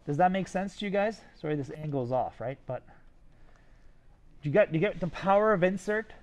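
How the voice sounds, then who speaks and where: A man's voice: sits high, lively intonation, fairly quick. A man teaching a design class and reviewing student sketches, enthusiastic and always checking in with his students. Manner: enthusiastic, talks to students directly with many "right?" checks.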